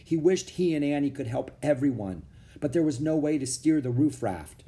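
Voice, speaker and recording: A man narrating a children's chapter book aloud in a steady, expressive reading. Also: on the high side, normal speed. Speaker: audiobook narrator. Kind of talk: storybook read-aloud.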